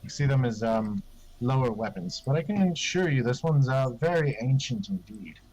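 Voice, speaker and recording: A man voicing a calm, stubborn male shopkeeper who stays matter-of-fact and firm on price. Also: mid-range voice, moderate pace, natural voice, poor audio.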